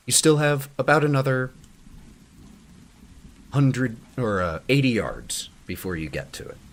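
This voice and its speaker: A man running a tabletop horror game as game master, giving measured, descriptive narration with casual asides. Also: medium pitch, big pitch swings.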